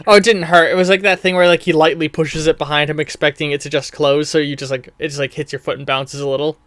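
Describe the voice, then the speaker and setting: A man's voice: on the high side, level tone, quick pace, fairly bright tone, no echo. A man narrating as game master of a tabletop game, chatty and loose, laughing at his own jokes.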